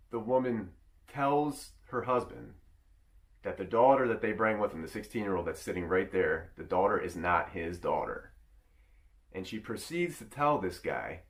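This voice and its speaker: Low-voiced man telling a rambling story. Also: fairly bright tone. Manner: rambling anecdotal storytelling with restarts. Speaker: vlogger. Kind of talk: casual storytelling.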